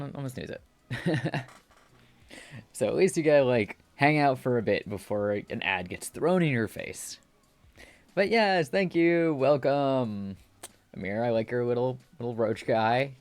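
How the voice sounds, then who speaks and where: A streamer chatting casually and rambling, often restarting and laughing at themself. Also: mid-range voice. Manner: rambling, self-deprecating, giggly.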